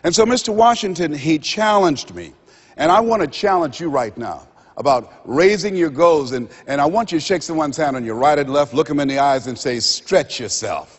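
A man delivers a motivational speech from a stage, his pitch swooping high and low as he builds each point like a preacher. His voice has a husky edge, and the lo-fi recording carries a long echo from a big hall. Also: lively intonation, fairly quick. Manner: dramatic, acts out quoted voices, preacher-like build-ups. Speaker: motivational speaker. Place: stage in a large hall with a live audience. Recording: lo-fi recording in a large reverberant hall.

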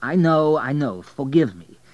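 A man's voice: on the high side, lively intonation, unhurried, darkish tone, no room sound, lo-fi sound, pitched above the performer's own voice. A man reading the part of an ambitious young immigrant hotelier, speaking in an eager, pressing way.

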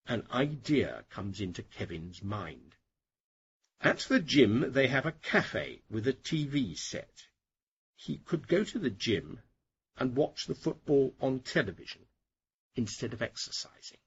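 A middle-aged man hosting an English-learning podcast, narrating a lesson slowly and clearly for learners. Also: medium pitch, animated, lo-fi sound. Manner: slow, clear and deliberate for learners. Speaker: English teacher, podcast host.

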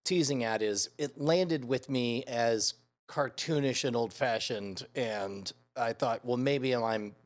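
A man from the United States talking casually about a TV series. He muses aloud in halting sentences full of fillers. His pitch sits in the ordinary middle range. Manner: musing, halting, many fillers.

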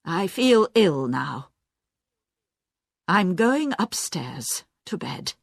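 A stubborn, sharp-tongued woman of fifty, read by a woman. She speaks bluntly, slowly and with lively ups and downs. It is recorded close and dry. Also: fairly low pitch, vocal fry, dry recording, full character voice. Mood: resentful. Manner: blunt, complaining, slow and emphatic.

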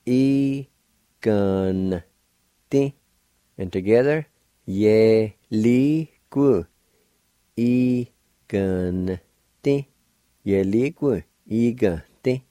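A man gives a pronunciation lesson and spells words out one letter at a time. His voice is low and mellow and his pace is very unhurried. The sound is dry and close. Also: no room sound. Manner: slow, deliberate letter-by-letter spelling. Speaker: language teacher.

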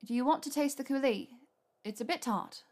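A woman's voice: sits high, pitched above the performer's own voice. Woman voicing a flustered, earnest young witch. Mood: surprised. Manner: rushed, nervous and earnest.

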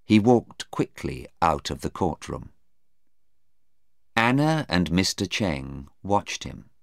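A man reading a story aloud as narrator, slowly and clearly. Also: dry recording, studio quality. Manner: slow, careful reading with lively pitch. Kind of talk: scripted narration of a graded reader.

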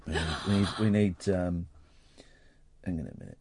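Husky radio host with lively pitch. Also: male voice, normal speed, pauses often, no echo, studio quality. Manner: wry, mock-dramatic reading with playful asides. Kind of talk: late-night radio show, reading tabloid news aloud. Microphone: studio microphone.

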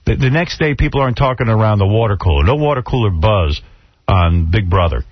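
A man's voice: on the low side, animated, fairly quick, husky, no echo, lo-fi sound. A man hosting a radio show, bantering casually in a blunt, opinionated, teasing way. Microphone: studio microphone.

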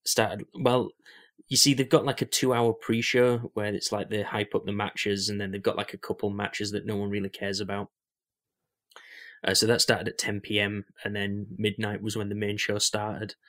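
A man's voice: lowish voice, flat delivery, moderate pace, fairly bright tone. A young man co-hosting a podcast in casual chat, rambling with lots of fillers and restarts. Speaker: podcast co-host.

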